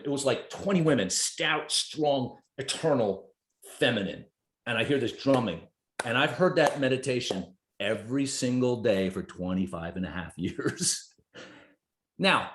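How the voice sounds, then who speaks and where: A man in his fifties from New Jersey, a podcast guest telling stories in an animated way, swearing freely and acting out his own inner voice. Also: mid-range voice. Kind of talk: conversational storytelling. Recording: roomy echo.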